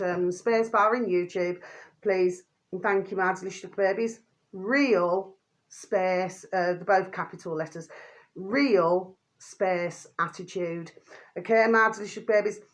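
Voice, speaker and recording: A woman's voice: medium pitch, fairly bright tone. A woman vlogging an angry rant to her viewers, swearing mildly and calling them by a pet phrase again and again. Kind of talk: ranting monologue to camera.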